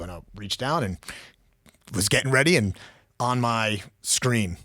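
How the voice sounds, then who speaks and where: A man's voice: fairly low pitch, animated, moderate pace, long pauses, a bit bright, no echo, studio quality. A man in his forties, a former law enforcement officer, telling a personal story as a podcast guest, blunt and raw, swearing freely.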